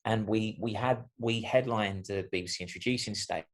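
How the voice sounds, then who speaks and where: A man with a somewhat low voice who talks in a reflective, rambling style, full of "you know" fillers. He is a guest in a casual podcast conversation. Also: moderate pace.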